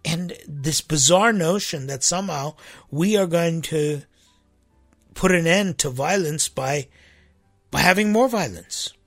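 A man serving as a church priest delivers a sermon in an easy, conversational way, circling back and repeating himself. His voice is gravelly and husky. Faint music is heard in the background. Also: on the high side, unhurried. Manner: rambling, repeats himself, rhetorical "right?" asides.

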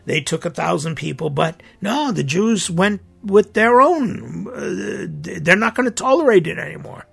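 A man's voice: high voice, expressive, a little slow, vocal fry, fairly bright tone, husky. A middle-aged man, a priest hosting his own podcast, speaking in an earnest, indignant and emphatic monologue.

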